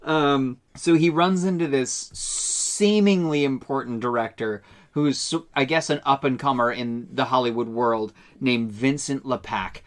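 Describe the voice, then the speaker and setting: A man on a casual podcast with two friends, retelling favourite movie lines with animated energy. His delivery is loose and conversational. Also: mid-range voice, measured pace, few pauses. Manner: animated retelling of film quotes. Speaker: podcast co-host. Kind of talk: casual chat.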